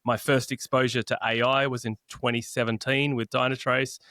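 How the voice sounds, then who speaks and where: A man's voice: mid-range voice, level tone, moderate pace, pushed and bright, dry recording. An Australian man in his forties, chatting as a guest on a podcast with easy, self-deprecating asides. His voice sits in a middle register for a man. The sound is dry and close to the mic. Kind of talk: casual podcast interview. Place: home podcast setup.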